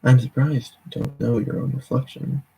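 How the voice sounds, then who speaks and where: A rotting zombie speaks in a dry, coarse croak, flat and sarcastic, as a man reads him out. The tone is dark and gravelly, with a husky, rough edge. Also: medium pitch, moderate pace, poor audio. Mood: deadpan sarcastic.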